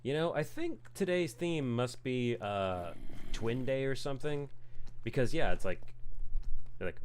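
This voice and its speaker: A man chatting casually while streaming a game, animated and acting out his own thoughts in little quoted voices. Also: mid-range voice, moderate pace, slight background noise. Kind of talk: casual chat while gaming.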